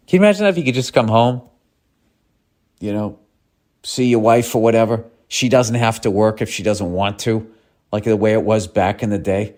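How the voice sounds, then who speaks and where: A man's voice: lowish voice, a little mellow. A man in his fifties hosting a podcast, ranting and swearing in a sardonic, casual monologue while reading listener mail. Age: 50s. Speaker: podcast host.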